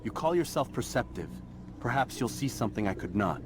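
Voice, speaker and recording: A man's voice: mid-range voice, lively intonation, fairly quick, noisy background, close to an everyday voice. An actor playing a determined male assassin who speaks firmly in a game cutscene. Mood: stern. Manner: firm, commanding. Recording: game cutscene with loud music.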